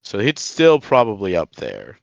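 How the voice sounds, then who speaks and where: A man's voice: fairly low pitch, wildly swooping pitch, a little slow, gravelly, dry recording, muffled recording. A man playing in a tabletop game, talking in a hesitant way with lots of ums. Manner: hesitant, full of ums and hedging. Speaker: player. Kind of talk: casual tabletop play.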